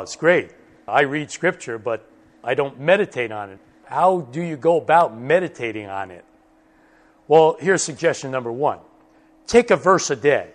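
Emphatic male Bible teacher. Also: a little high. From United States. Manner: slow, emphatic, repeats key words. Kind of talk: recorded Bible study lesson.

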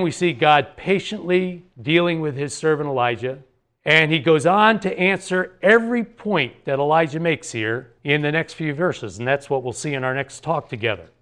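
Earnest male Bible teacher, slightly high voice. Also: fairly bright tone. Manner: earnest, explanatory, rhetorical questions.

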